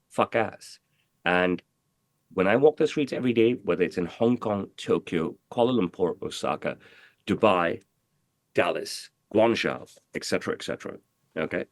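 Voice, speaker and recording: A low-voiced tailor gives a casual interview, swaggering and profane. He rambles with lots of repeated fillers, and there's no echo in the recording.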